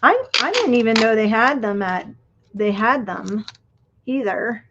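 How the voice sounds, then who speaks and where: A woman's voice: on the high side, animated, unhurried, background noise. A middle-aged woman chatting casually while she crafts on a livestream, reminiscing and trailing off as she works. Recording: dull lo-fi stream audio.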